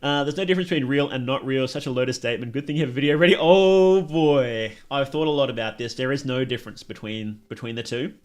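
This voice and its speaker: A man's voice: mid-range voice, very fast, few pauses. A young man with an Australian accent, chatting casually with his live stream chat and laughing often.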